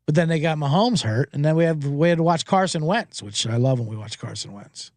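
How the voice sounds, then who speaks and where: A man's voice: fairly high pitch, a little fast, no room sound, studio quality. A man hosting a sports betting show, recapping games in a rambling, profane, joking way and slipping into mocking voices.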